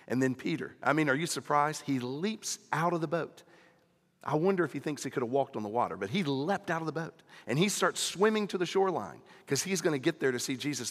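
A pastor preaching a sermon, retelling scripture in a conversational storytelling way and acting out the dialogue. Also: male voice, a little high, fairly bright tone, long reverb tail.

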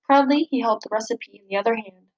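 A woman reads a children's picture book aloud in a slightly high voice. She is gently expressive and lifts her voice for the characters' lines. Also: fast talker, lo-fi sound. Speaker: storybook reader.

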